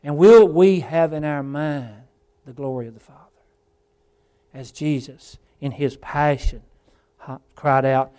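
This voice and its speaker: Male preacher with a fairly high voice; fervent evening sermon, drops to near-quiet then surges loud. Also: animated, moderate pace. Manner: fervent, swings between hushed and loud; addresses congregation as folks and brother.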